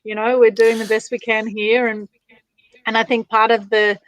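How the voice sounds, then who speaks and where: A woman's voice: on the high side, level tone, moderate pace, dry recording, low-quality recording. Effusive woman host on a video call. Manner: effusive, gushing with praise, rambling. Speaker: interviewer, host. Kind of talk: casual interview over video call.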